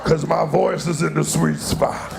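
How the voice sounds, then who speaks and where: A man doing stand-up crowd work on a club stage, loud and mocking, swearing freely. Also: on the high side, steady tone, a little slow, gravelly, noisy background. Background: laughing audience.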